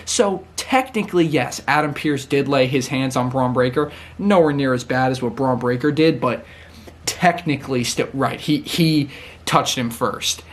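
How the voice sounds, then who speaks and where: A man casually recapping a wrestling show, chatty and excitable, laughing often and acting out what people said. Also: mid-range voice.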